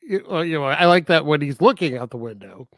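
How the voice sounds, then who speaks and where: A man talking casually on a film review podcast, his voice a touch higher than most men's. He laughs often and keeps the chat joking and loose. The sound is dry and close, with no room around him. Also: expressive, quick pace, fairly bright tone, dry recording. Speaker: podcast co-host.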